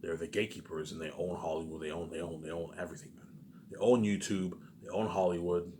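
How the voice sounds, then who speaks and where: Deep, dark, and steady, this vlogger's voice moves fast as he rambles casually to his viewers with slight background noise. He repeats himself often and swears freely throughout.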